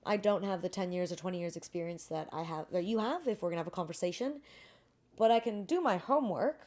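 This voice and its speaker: An animated woman speaking as a guest in a casual interview. She is candid and self-deprecating, and she acts out the people she quotes in shifting voices. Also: on the low side, fast talker. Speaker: guest, beverage brand founder.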